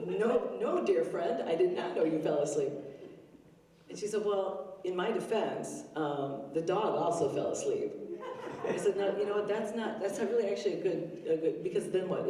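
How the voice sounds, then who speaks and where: Older woman, open mic storyteller, chatty, full of ums, mellow, echoey distant hall. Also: on the low side. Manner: chatty, self-deprecating, many fillers. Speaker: stand-up comedian. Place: arts center stage, live audience. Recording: roomy hall heard from a distance.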